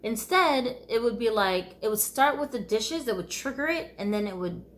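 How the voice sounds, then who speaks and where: A woman's voice: a little high, animated, normal speed, a bit bright. A woman from the United States telling her life story in a candid, conversational vlog, often laughing wryly.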